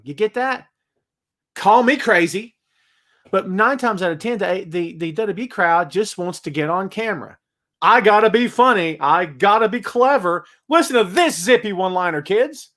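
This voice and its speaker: A man hosting a wrestling chat show, talking casually in an animated, ranting way and laughing often. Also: high voice. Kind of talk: casual live-chat rant.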